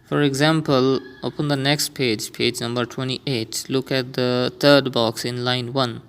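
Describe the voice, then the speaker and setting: A man leads a beginner Quran reading lesson, laying out the rules step by step and patiently repeating each sound slowly for learners. His mid-range voice is flat in delivery, a bit bright, and clean in tone.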